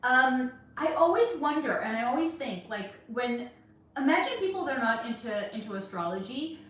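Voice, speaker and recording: A woman's voice: high voice, animated, moderate pace, slight background noise. A woman hosting a psychic livestream, chatting candidly with viewers and swearing freely as she answers their comments. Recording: very echoey room.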